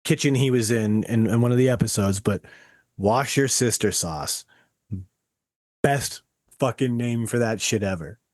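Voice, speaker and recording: A man speaks on a podcast with insistent emphasis, tossing in casual swearing. His voice is middle-pitched and sits close and dry, with no room sound around it. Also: moderate pace, darkish tone, no echo. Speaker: podcast co-host. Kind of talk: casual chat.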